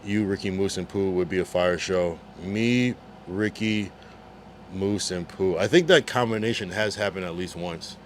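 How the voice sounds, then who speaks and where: A man's voice: low-pitched, moderate pace, a little hiss or hum. A man streaming live, reading chat messages aloud in a laid-back, slangy way. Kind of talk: casual livestream chat.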